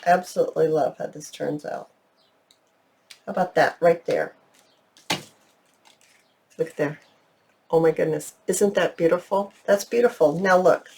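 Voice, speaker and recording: Low, gravelly, and warm, this middle-aged crafting-channel host speaks unhurriedly with long pauses, slight background noise behind her. In her casual tutorial she gushes with enthusiasm, addressing viewers as "you guys."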